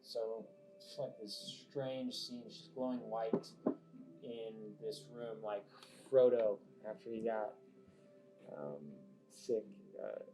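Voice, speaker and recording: A man's voice: fairly low pitch, takes it slowly. A man narrating a tabletop game as game master, casual with many fillers, in an echoey lo-fi recording. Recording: echoey lo-fi room with faint music.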